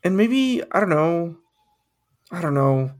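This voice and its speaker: Young man, slightly high voice, rambling, swearing, casual podcast chat. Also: big pitch swings, slow. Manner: rambling, swears a lot, laughs at his own ideas. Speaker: podcast co-host.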